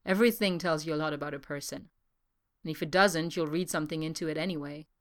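A gentle, wry man, read by a woman, soft-spoken and fond with a trace of exasperation. The tone is smooth, clear and slightly low. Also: quick pace, lightly acted.

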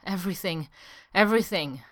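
A woman voicing a proud, hot-tempered young man who speaks in a low, intense, intimate way. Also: brisk, fairly bright tone, close to an everyday voice.

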